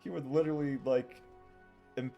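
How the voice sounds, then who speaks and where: A male streamer talking casually to chat while playing a game, in a relaxed, low-key way. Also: moderate pace, gravelly, lo-fi sound, faint music behind. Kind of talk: live game stream commentary.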